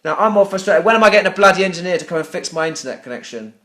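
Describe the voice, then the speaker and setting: A man's voice: high voice, expressive, very fast, fairly bright tone. A British man making an angry complaint on a phone call to customer service, ranting sarcastically, swearing and stammering over repeated words. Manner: swears often. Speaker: business owner calling customer service.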